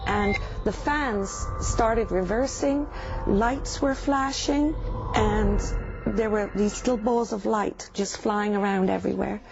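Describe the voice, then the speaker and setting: An older woman from England, telling her own experiences in an earnest, halting way with pauses. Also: medium pitch, steady tone, vocal fry. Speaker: interviewee. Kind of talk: recounting personal experience. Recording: muffled news audio with music bed.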